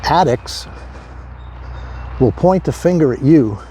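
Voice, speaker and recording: A man's voice: a little high, expressive, slow, warm tone, a little hiss or hum. A man giving a motivational talk on addiction recovery, conversational and emphatic, repeating key phrases.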